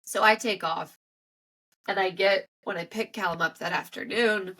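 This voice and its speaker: A woman's voice: mid-range voice, fairly even intonation, normal speed, sharp tone. A woman in her thirties, a guest author in casual podcast chat, telling stories with lots of fillers. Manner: chatty, filler-heavy storytelling.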